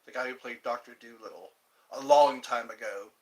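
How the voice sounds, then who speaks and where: A man's voice: mid-range voice, normal speed, a little mellow. A man hosting a livestream, chatting casually and rambling with frequent chuckles. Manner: chuckling, drifting between impressions. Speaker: livestream host.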